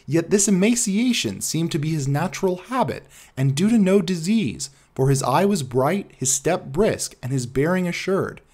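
A male audiobook narrator reads a classic tale in a measured storytelling manner. His voice sits a little high, and his intonation moves expressively through each line. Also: lively intonation, darkish tone.

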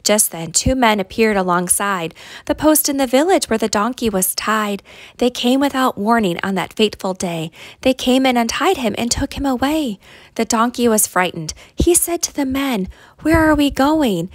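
A woman reads a rhyming picture book aloud for young children. Her voice sits a little high and moves in an expressive, sing-song way. The recording is dry and close, with no room sound. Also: normal speed, dry recording. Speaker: storytime reader.

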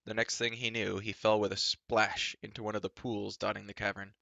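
Gravelly low-voiced male storyteller. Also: level tone, brisk, sharp tone, dry recording. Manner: dramatic narration. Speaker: storybook reader. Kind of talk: live storybook reading.

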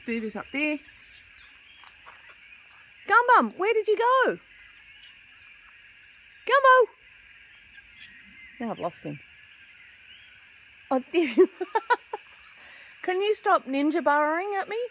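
Sing-song and very high, a young vlogger's fairly bright voice coos slowly at the wild kookaburras she feeds among the trees, pausing often. She mutters casual asides to a handheld camera held to her side.

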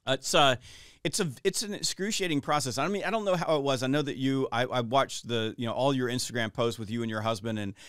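Smooth-voiced man hosting a podcast. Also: medium pitch, fast, a bit bright, dry recording, studio quality. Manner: earnest, rambling with many restarts. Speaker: podcast host. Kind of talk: conversational interview.

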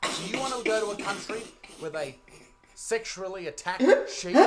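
A man's voice: very high-pitched, expressive, moderate pace, a crowd in the background. An Australian man ranting bluntly and mockingly in a comedy video, swearing constantly. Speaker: comedy YouTuber. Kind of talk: profane comedic rant.

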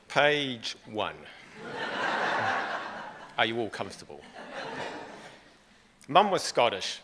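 Low-voiced man giving a eulogy in a reverberant church. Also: fairly bright tone, slight background noise. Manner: dry humour, reads from prepared notes. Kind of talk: funeral eulogy.

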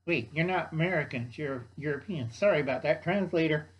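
A man's voice: fairly high pitch, a little fast, husky, highs cut off. A man voicing a rude, bumbling space alien soldier who blusters and then backpedals. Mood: blustering.

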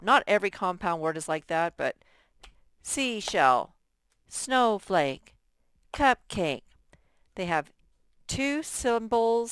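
A teacher with a slightly low, smooth, clear voice and a fairly bright tone leads a first-grade workbook lesson. She goes slowly and patiently, sounding out each word for young children, and the recording is close and dry.

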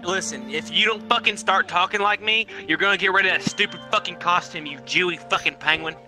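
A man's voice: sits high, fairly quick, music in the background. A man in rowdy game voice chat, abrasive and taunting, throwing insults at other players.

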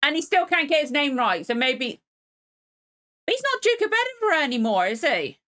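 A woman's voice: sits high, big pitch swings, moderate pace, background noise. A woman hosting a reaction video, chatting casually and exclaiming as she watches.

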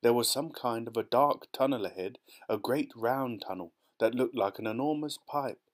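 A man narrates a children's storybook aloud, reading steadily with plenty of expression. His pitch sits in a middle range for a man. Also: moderate pace. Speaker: audiobook narrator.

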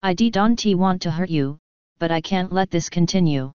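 A woman's voice: on the low side, moderate pace, darkish tone, clear, resonant tone, no echo, close to an everyday voice. A woman voicing a young female pony mage, shaky but determined and pleading, in a slightly dull, dry recording.

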